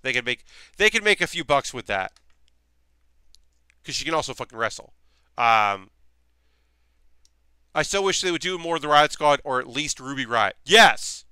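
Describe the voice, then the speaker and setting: A man's voice: medium pitch, lively intonation, normal speed, pauses often, bright, forceful tone, smooth, dry recording, clean studio sound. Chatty man streaming from his workshop. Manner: rambling, chatty, many fillers. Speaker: streamer building costume armor. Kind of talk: casual chat with live chat. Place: home workshop.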